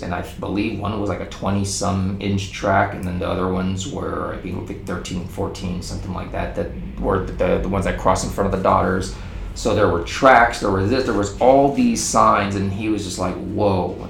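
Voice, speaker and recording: Gravelly low-voiced man telling a story. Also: a little hiss or hum. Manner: animated, rambling, frequent restarts. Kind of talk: casual secondhand storytelling. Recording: roomy echo with faint ambience.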